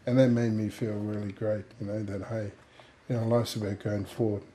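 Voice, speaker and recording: A man's voice: fairly low pitch, level tone, normal speed, warm tone. A man telling an emotional personal story in a workplace safety talk. He rambles and uses many fillers as he speaks. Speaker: injured worker sharing his story.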